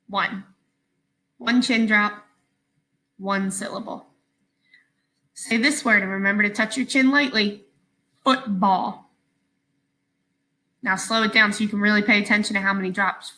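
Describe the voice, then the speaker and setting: Slow and patient, a woman leads a phonics lesson for young children, carefully sounding out every word. Her voice rings bright and clear at a mid-range pitch for a woman. The audio quality is poor.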